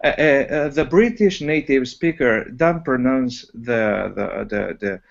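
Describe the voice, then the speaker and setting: Slow, hesitant man learning English. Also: creaky. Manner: hesitant, many fillers and restarts. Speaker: student. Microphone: video call. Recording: muffled low-fidelity video call audio.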